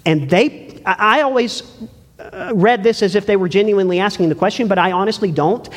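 A man preaching a sermon in a church, earnest and pleading, swinging between loud emphasis and hushed words. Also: high-pitched, a little fast. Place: church sanctuary. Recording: long hall reverb.

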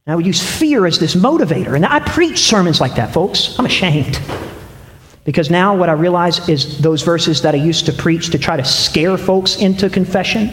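A pastor preaching a sermon to his church, emphatic and conversational, moving between hushed and raised passages. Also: sits high, lively intonation, moderate pace. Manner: conversational asides to the congregation. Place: church sanctuary. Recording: echoey hall with long reverb.

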